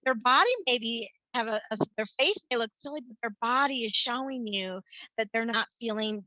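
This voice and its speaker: A woman's voice: fairly high pitch, moderate pace, sharp tone, no echo, rough recording. A woman family therapist giving a workshop talk, earnest and explanatory, often restarting and repeating words as she works through ideas.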